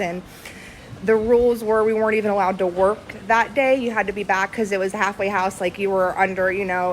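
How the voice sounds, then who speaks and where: A woman in her thirties, talking earnestly and haltingly with many pauses and fillers, close to tears. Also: mid-range voice, slight background noise, poor audio. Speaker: vlogger. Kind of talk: casual reflective video to friends.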